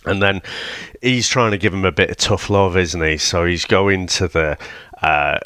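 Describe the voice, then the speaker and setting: A man's voice: deep voice, normal speed, bright, forceful tone, smooth, no echo, studio quality. A man, co-hosting a casual film review podcast, laughing often as he talks. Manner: chuckling, loose with fillers. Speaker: podcast co-host.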